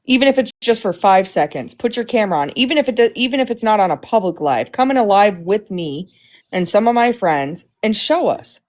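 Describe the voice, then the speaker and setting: A woman's voice: medium pitch, expressive, fairly quick, a little mellow. Emphatic woman co-hosting a livestream. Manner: emphatic and insistent, repeats points for stress. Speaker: livestream co-host. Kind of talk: casual livestream chat.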